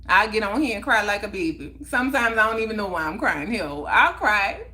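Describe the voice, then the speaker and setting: Bright-voiced heartfelt woman livestreamer. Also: medium pitch, very animated, brisk. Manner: emphatic, heartfelt, repeats phrases for emphasis. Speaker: livestream host. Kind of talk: casual livestream chat.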